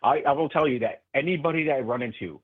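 A man's voice: mid-range voice, no room sound. Earnest man on a tinny phone line. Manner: earnest, halting, many restarts. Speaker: guest. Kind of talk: political radio interview.

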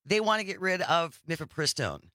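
A man's voice: fairly high pitch, brisk, no echo, studio quality. A man hosting a political talk show, running the segment and reading viewer comments. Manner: animated, directs producer and reads comments. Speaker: show host.

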